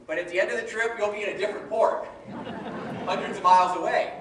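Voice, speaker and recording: A man with a Midwestern American accent giving a humorous, animated motivational talk to a live audience. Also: sits high, fast talker, a little hiss or hum. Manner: humorous and animated, with playful voices. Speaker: motivational speaker. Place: large event hall with a live audience. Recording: echoey hall recorded from far off. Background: audience laughter and room ambience.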